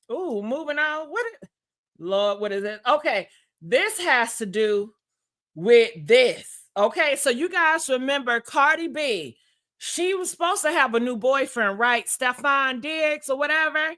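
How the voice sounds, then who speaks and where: A woman's voice: high voice, lively intonation, measured pace, fairly bright tone. A woman hosting a casual celebrity gossip livestream, sassy and messy, talking straight to her viewers and laughing at herself. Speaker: host.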